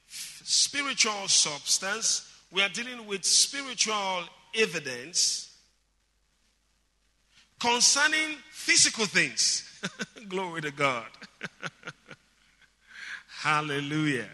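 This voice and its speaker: A man's voice: high voice, sharp tone. A man preaching a sermon, teaching emphatically, repeating key words and calling on the congregation to say them back. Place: church hall. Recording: long reverb of a large hall.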